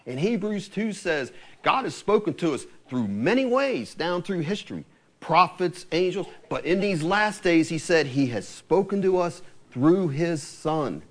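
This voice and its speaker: A man preaching a sermon, quoting scripture with lively, rising emphasis. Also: a little high, a little slow.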